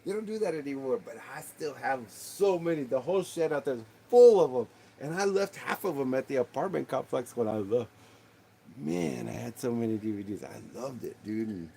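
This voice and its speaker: A man's voice: mid-range voice, gravelly, darkish tone, a little hiss or hum. A man with a Texan accent hosting a livestream, rambling casually and calling his viewers dude and man. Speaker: livestream host.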